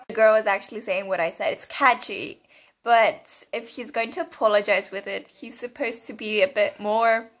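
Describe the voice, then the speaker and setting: A young woman giving casual reaction commentary on a TV episode, excitable and often breaking into laughter. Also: fairly high pitch. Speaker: reaction video host.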